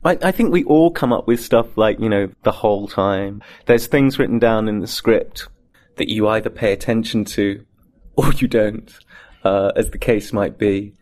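Lively actor telling backstage stories. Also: male voice, on the low side, normal speed. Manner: animated storyteller, acts out scenes. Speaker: actor, interview guest. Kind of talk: casual anecdotal interview talk.

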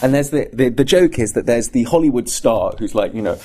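Male actor guest, mid-pitch, animated raconteur, casual anecdotes. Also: fairly quick. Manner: animated storyteller, acts out scenes. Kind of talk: casual anecdotal interview talk.

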